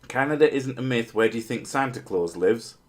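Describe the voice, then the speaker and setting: A man's voice: medium pitch, lively intonation, fairly quick. A man chatting casually on a livestream, answering viewers' comments in a rambling way, with frequent fillers, restarts and offhand swearing. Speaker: streamer answering chat.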